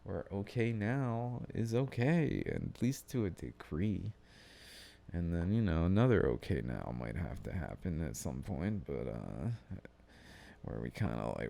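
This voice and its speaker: A man with a low, gravelly voice talks unhurriedly into a podcast mic, his pitch rising and falling a lot. He meanders from thought to thought, cuts himself off, and swears casually as he goes. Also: sing-song, measured pace, warm tone. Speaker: podcast host. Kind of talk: rambling solo podcast musing. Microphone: studio-style podcast mic.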